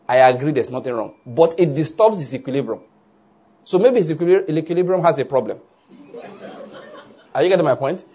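A man preaching a sermon to his congregation, animated, often asking whether they follow and laughing along. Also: fairly high pitch, fairly quick, long pauses, slightly rough. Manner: animated, asks "are you getting my point?" often, laughs along. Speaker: pastor.

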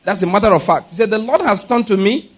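A man's voice: high voice, fast talker, slight background noise. A man preaching a sermon, joking and laughing between points and leading the congregation in spoken declarations. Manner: humorous, laughing asides, leads congregation in declarations. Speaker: pastor. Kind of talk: sermon with call-and-response.

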